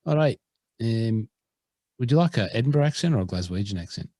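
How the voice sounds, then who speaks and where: A man's voice: mid-range voice, expressive, brisk, warm tone, no room sound. An Australian man co-hosting a podcast, chatting casually and rambling in a self-deprecating way. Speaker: podcast co-host. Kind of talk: casual chat.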